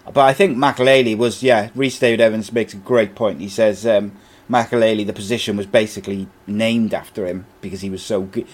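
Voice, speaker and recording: Chatty low-voiced man hosting football talk. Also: fairly even intonation, brisk. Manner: chatty, reads out listener comments. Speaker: podcast host. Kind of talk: casual football chat.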